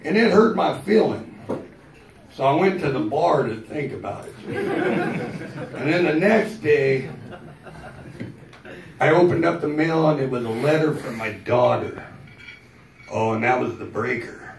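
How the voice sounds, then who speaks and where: A gravelly man in his fifties doing stand-up in a comedy club, his pitch high for a man and swinging widely. He tells his stories slowly and deadpan, swearing freely and pushing up to shouted punchlines. The sound is roomy and a little distant. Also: a little hiss or hum. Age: 50s. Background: audience laughter.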